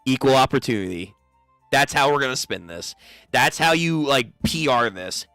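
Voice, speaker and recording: A man's voice: medium pitch, expressive, moderate pace, a bit bright, faint music behind. Joking, foul-mouthed young man reacting. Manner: joking, profane, laughs often. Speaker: reaction streamer. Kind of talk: casual reaction commentary.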